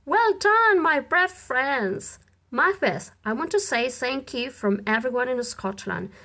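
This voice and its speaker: A genial, grateful king, hearty and full of praise for his loyal men. A woman reads him aloud in a storybook, her pitch lively and pace unhurried. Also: heavily acted.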